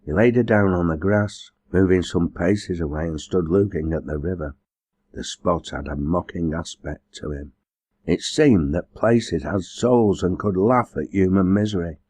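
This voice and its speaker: Deep, husky male audiobook narrator. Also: measured pace, darkish tone, dry recording. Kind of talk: scripted narration.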